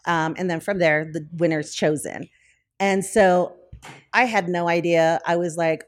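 A woman being interviewed, telling a story casually, full of fillers and self-corrections, and acting out the quoted dialogue in raised voices. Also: moderate pace. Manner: lively, acts out quoted dialogue in higher voices. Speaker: brewery owner, podcast guest.

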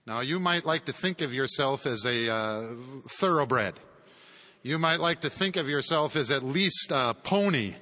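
Bright-voiced man lecturing in an echoing hall. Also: medium pitch, animated, unhurried. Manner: conversational, with chuckling asides. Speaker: theology lecturer. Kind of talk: classroom theology lecture. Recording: long hall reverb.

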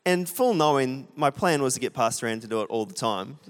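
A man's voice: mid-range voice, expressive, brisk. A young man preaching a sermon, chatty and self-deprecating, often asking the congregation questions. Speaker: pastor. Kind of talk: sermon with a storytelling aside. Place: church hall with a congregation. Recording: long hall reverb.

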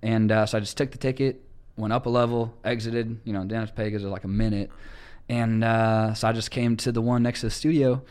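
A young man hosting a podcast, telling casual stories with lively acted-out quotes and casual swearing. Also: fairly low pitch, brisk, smooth. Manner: animated storyteller, acts out quotes, swears casually. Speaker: podcast host. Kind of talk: casual storytelling chat.

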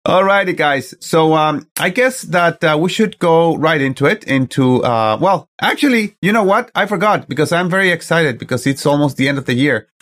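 A man's voice: a little high, animated, moderate pace, hardly any pauses, a bit bright. A man hosting a podcast, chatting casually in a rambling, self-correcting way. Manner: rambling, restarts, chuckling. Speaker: podcast host.

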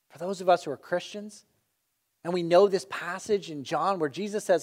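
Animated, chatty male preacher. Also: high voice, brisk. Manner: conversational, animated, jokey. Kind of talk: sermon.

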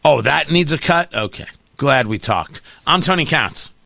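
Sarcastic high-voiced talk radio host man. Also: expressive, a little slow, vocal fry, pushed and bright, no room sound, studio quality. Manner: sarcastic, mocking, does voices. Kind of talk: opinionated talk radio monologue.

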